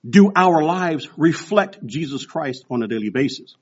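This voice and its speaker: A man in his sixties preaching with a lively, swooping delivery. His voice is a little husky. He tells stories and acts out the quoted voices, on a dull, lo-fi recording. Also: on the high side, normal speed. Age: 60s. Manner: storytelling with animated quoted voices. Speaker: pastor. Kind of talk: sermon.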